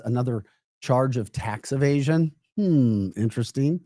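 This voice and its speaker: A man's voice: medium pitch, moderate pace, dark tone, no room sound, clean studio sound. A man hosting a live political podcast, emphatic and mocking, often breaking into laughter while reacting to chat comments. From United States. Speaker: podcast host.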